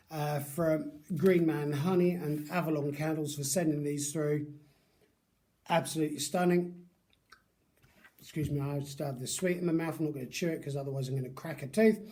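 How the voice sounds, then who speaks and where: A man's voice: a little high, mellow. A man giving a chatty, rambling product review, often correcting himself mid-sentence. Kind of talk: casual product review vlog.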